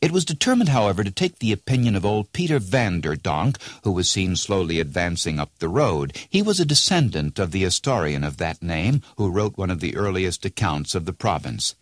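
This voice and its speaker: A man narrating a classic tale in an expressive, measured storybook reading. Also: sits low, dry recording, studio quality.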